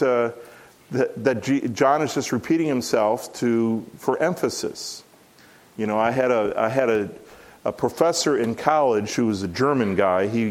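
A middle-aged man, a pastor, preaching an expository sermon in an earnest, emphatic way, repeating key phrases and rising in pitch when stressing a point. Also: darkish tone.

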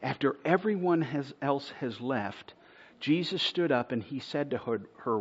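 A man preaching a sermon in an earnest style, building to loud, emphatic stretches and dropping to a hush on key words. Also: mid-range voice, expressive, normal speed, husky, highs cut off. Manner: earnest preaching, swells louder to a near-shout at points, drops to a hush on key words. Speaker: pastor.

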